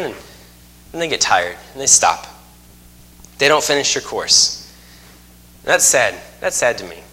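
Male preacher, folksy, emphatic, bright edge. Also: on the high side. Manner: folksy, joking asides, emphatic repetition. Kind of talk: sermon.

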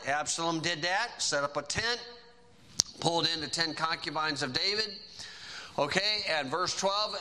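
A man preaching a sermon, reading scripture aloud and stressing key phrases with slow, drawn-out emphasis. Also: on the high side, sharp tone, rough recording.

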